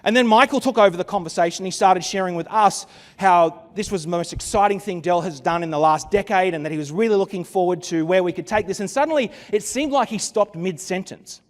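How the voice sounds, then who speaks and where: A man's voice: high-pitched, fairly quick, hardly any pauses, big-room sound. Man telling a keynote story. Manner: dramatic storytelling with wry asides. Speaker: keynote speaker. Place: conference venue.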